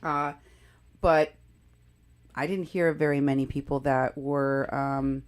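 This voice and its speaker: A woman's voice: a bass voice, steady tone, slow pace. A woman hosting a live political commentary show, talking emphatically and indignantly, often restarting her sentences. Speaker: show host.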